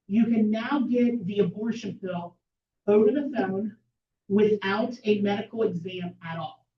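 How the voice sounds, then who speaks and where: Emphatic woman presenting in an echoey hall. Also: medium pitch. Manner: emphatic, rhetorical questions. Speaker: speaker at a political meeting. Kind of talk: persuasive presentation. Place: meeting hall. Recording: echoey room from far off, dull lo-fi.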